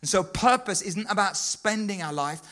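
Man preaching, middle-aged, high-pitched, bright voice, emphatic, repeats phrases. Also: lively intonation, normal speed. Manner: emphatic, repeats key phrases, rhythmic lists. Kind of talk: sermon.

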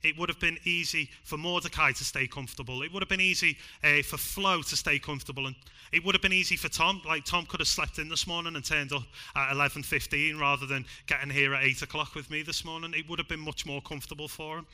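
Bright-voiced Scouse preacher. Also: male voice, a little high, fairly even intonation, fast. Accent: Liverpool (Scouse). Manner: emphatic, swings from loud to hushed. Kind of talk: sermon. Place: church.

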